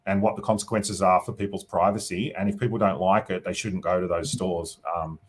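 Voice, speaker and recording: Australian politician guest, deep husky voice, loose conversational answers with lots of "you know" asides. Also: male voice, fairly even intonation, a little fast. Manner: thinking aloud, often adds "you know" and "right?". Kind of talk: casual interview answers.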